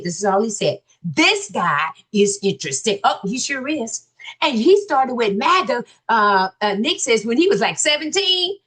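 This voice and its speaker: A high-voiced woman reads viewer comments aloud and reacts to each one with lively exclamations. Her pitch swoops up and down as she talks straight to her viewers in a loose, chatty way. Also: slightly rough. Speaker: commentary channel host.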